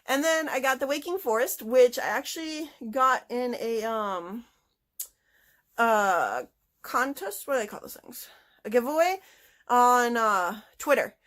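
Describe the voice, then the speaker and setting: A woman with a fairly high voice talks through her latest book haul in a relaxed, chatty way. She gets eager and bubbly over each find and scatters small fillers through her sentences. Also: a little slow. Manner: chatty and excitable, with many fillers like "like". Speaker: book vlogger. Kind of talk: casual book haul chat.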